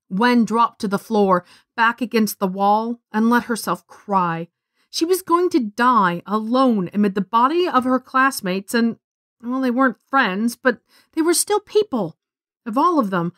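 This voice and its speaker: A woman reading a science fiction story aloud as narrator, in a steady storytelling voice on a close studio mic. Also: fairly high pitch, unhurried, dry recording. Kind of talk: scripted narration.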